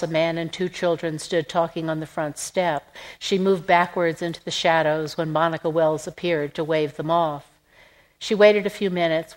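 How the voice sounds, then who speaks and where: A woman reading a literary novel aloud in an even, measured narration. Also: sits low, poor audio. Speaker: audiobook narrator. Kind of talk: scripted narration.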